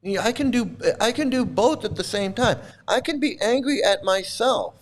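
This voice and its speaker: A middle-aged man with a high-pitched voice, ranting in fury. He repeats himself, swears hard and sounds bitter and worked up. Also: lively intonation, normal speed. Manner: furious, repetitive, swearing, bitter. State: angry, voice breaking at times. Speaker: channel host, cult critic. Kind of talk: angry monologue to camera.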